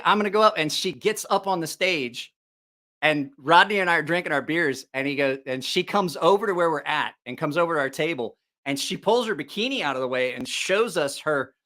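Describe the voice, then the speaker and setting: A man's voice: on the high side, pushed and bright. A middle-aged man hosting a live stream, telling a rambling, profane story with lots of laughter. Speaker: livestream host.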